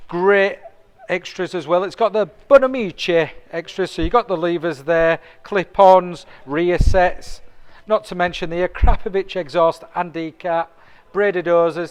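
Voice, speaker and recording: A man's voice: high voice, measured pace, clear, resonant tone. A man presenting a motorbike for sale in a chatty, enthusiastic walkaround. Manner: chatty, enthusiastic salesman patter. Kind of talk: sales walkaround video.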